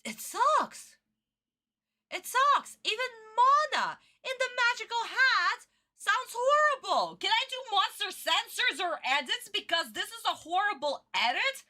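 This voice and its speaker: A woman's voice: high-pitched, sharp tone. A woman streamer giving a casual reaction commentary, ranting and swearing in frustration.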